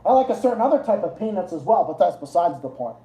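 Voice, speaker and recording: A man's voice: high voice, big pitch swings, a little fast, highs cut off. A man hosting a casual livestream, rambling and swearing, often laughing at his own jokes. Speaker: livestream host. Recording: roomy echo.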